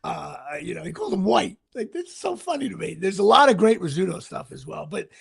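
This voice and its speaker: A man hosting a casual sports podcast, rambling excitedly and tripping over his words. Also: high-pitched, fairly quick, creaky, slightly rough. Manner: rambling, excitable, stumbles and restarts. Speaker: podcast host.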